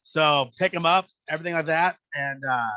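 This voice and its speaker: A man from Southern Illinois, animated, acting out the voices in his story as a guest. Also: on the high side, moderate pace, no echo, muffled recording. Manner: animated, acts out voices in anecdotes. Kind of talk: casual storytelling.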